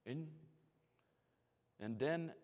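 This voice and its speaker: A pastor in his forties preaching a sermon. He swings from hushed, almost whispered storytelling to loud, rising emphasis, and his English phrasing is slightly non-native. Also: medium pitch, extremely slow. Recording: long hall reverb.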